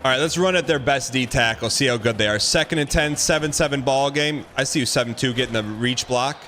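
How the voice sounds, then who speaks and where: A man streaming a football video game, giving excitable running commentary and repeating phrases as he plays. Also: medium pitch, brisk, faint music behind. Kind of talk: live gameplay commentary.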